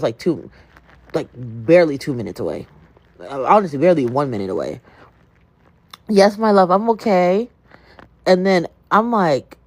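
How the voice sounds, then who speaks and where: A woman's voice: sits low, dry recording. A woman hosting a livestream, chatting animatedly and telling her viewers a story. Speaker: livestream host.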